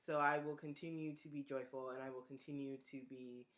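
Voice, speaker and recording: A woman from the Maryland suburbs hosting her own live stream as a singer-songwriter, answering viewer questions in a relaxed, earnest way and thinking aloud with pauses and restarts. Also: rumbling low. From Prince George's County, Maryland, USA.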